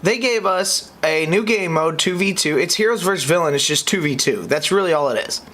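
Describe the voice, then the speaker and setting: A young man from the United States hosting a podcast, reacting in an exasperated way that swings between high outbursts and low muttering. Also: expressive, fairly quick, pushed and bright. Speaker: podcast host.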